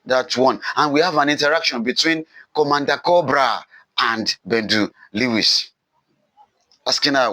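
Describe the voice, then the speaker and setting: A man's voice: medium pitch, measured pace, sharp tone, no echo, poor audio. A man teaching a recorded literature lesson, repeating key points with emphasis and answering his own questions. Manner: repetitive, emphatic, asks questions and answers them himself.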